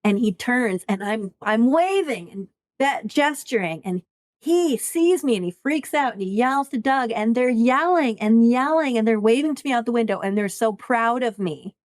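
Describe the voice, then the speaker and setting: A woman in her fifties, a podcast guest, telling a personal story in an animated, excited way. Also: on the high side, moderate pace, no room sound. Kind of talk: casual storytelling.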